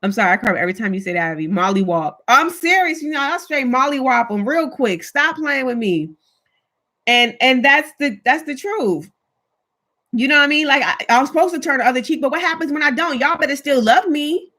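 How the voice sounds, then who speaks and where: A woman's voice: high voice, animated, fairly quick, bright, forceful tone. A chatty woman hosting a casual livestream, talking emphatically and answering viewer comments. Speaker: livestream host. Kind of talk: casual live chat with viewers.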